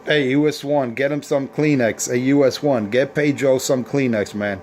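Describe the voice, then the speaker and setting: A man's voice: mid-range voice, steady tone, normal speed, darkish tone, slight background noise. A man on a CB radio taunting rival operators in a boastful, repetitive way. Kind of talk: trash-talking radio banter.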